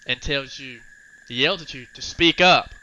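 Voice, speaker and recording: A man's voice: mid-range voice, moderate pace, sharp tone, no room sound, muffled recording. A man running a tabletop game as game master, narrating with amused, chatty energy.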